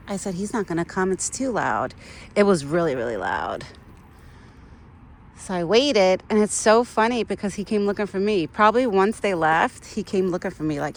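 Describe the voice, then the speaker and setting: Her medium-pitched voice swinging widely in pitch, a young woman vlogs casually at normal speed while feeding a wild deer on a trail. She talks sweetly to it as she films on her phone, and the outdoor recording is noisy.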